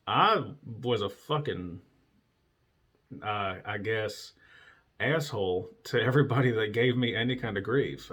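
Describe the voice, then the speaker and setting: A man's voice: on the low side, fairly bright tone. A man hosting a casual solo talk show, telling stories from his past bluntly and with lots of swearing, laughing at himself now and then. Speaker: podcast host.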